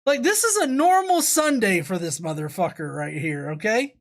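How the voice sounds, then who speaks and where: Woman streamer, sarcastic and profane, very animated pitch, laughs a lot. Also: normal speed. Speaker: streamer reacting to a video. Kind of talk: casual live-stream commentary.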